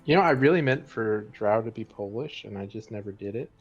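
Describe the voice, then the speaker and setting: Low-voiced man running a tabletop game. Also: fairly quick, breathy edge, soft background music. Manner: relaxed, hesitant, joking. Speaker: dungeon master. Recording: dull lo-fi stream audio.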